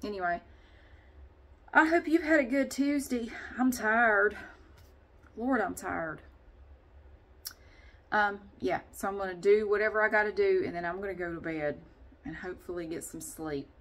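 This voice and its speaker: A woman's voice: medium pitch, moderate pace, pauses often, fairly bright tone. A woman vlogger chatting casually and rambling, often laughing as she talks. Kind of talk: casual vlog chat.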